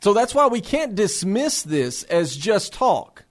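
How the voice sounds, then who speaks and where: A man's voice: high-pitched, big pitch swings, slow pace. A man speaking earnestly to fellow believers for a faith-based resource center. He talks with passion, asks rhetorical questions and often repeats words as he starts a phrase.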